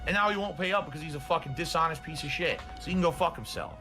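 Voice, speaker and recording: Brief: middle-aged streamer, a man, swearing and indignant, breathless, fairly high voice, music in the background. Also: racing. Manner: profane, combative, indignant. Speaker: live streamer. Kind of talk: ranting livestream talk.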